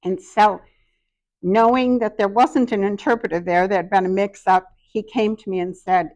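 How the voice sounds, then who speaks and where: A woman's voice: mid-range voice, steady tone, moderate pace, darkish tone. A middle-aged woman giving a workshop talk, telling personal stories in a self-deprecating, anecdotal way. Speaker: workshop speaker.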